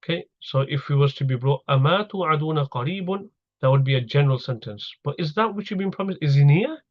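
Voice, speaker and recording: A man's voice: fairly high pitch, fast. Man patiently teaching grammar, slightly dull sound. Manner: patient, explains step by step, repeats key terms. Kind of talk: recorded grammar lesson.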